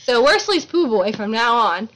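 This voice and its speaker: A playful woman, her voice sitting a little high as she retells a book plot in easygoing conversation. She drifts into goofy character voices along the way. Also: big pitch swings, moderate pace, a bit bright, poor audio. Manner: playful, laughs often, slips into silly voices. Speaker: book podcast co-host. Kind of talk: casual chat, retelling a story.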